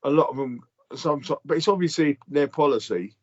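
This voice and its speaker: A man's voice: a little high, brisk, dull audio. A middle-aged man, telling blunt, sweary stories in casual podcast chat. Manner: blunt, sweary ranting storyteller. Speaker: podcast co-host.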